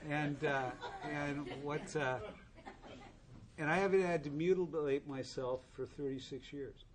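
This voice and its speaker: A man's voice: on the high side, unhurried, noisy background. A man in his sixties tells a humorous, rambling story to an audience at a recovery meeting, with many restarts.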